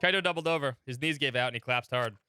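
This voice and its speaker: A man's voice: mid-range voice, rapid-fire, pushed and bright. A man co-streaming a game playthrough, reading the dialogue aloud and laughing often, with game music behind.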